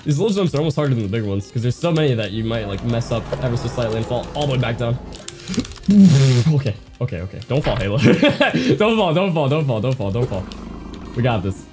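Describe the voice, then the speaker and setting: A young man giving excited gameplay commentary, swinging from muttering to yelling. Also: mid-range voice, fairly quick, music in the background. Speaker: gaming streamer.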